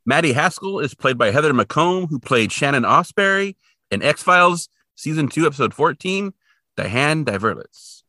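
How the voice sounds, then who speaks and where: A man co-hosting a podcast, chatting casually and rambling through animated asides. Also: a little high, moderate pace, no room sound, studio quality. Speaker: podcast co-host. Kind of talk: casual chat.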